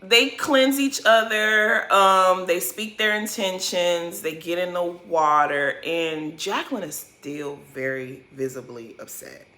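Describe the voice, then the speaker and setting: A woman's voice: fairly low pitch, slow, few pauses, pushed and bright. A woman giving a casual, blunt recap of a reality TV episode, swearing freely and full of slang. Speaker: recap host.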